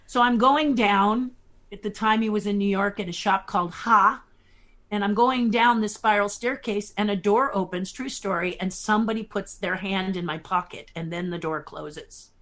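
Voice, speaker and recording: A woman in her sixties, a guest puppeteer telling lively stories in a podcast interview, chuckling as she talks. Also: mid-range voice, moderate pace. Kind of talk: anecdotal storytelling in a podcast interview.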